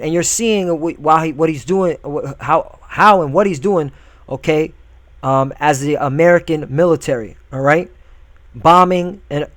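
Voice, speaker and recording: Man, commentator, preachy and combative, slightly high voice, dry close mic, lots of "all right?" checks. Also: dry recording. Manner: reads scripture and news aloud. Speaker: video commentator. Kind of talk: religious political commentary.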